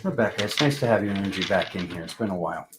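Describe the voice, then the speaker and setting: A man hosting a casual live-stream tarot reading, talking in an unhurried, rambling spiritual way with many fillers. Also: low voice, expressive, very noisy.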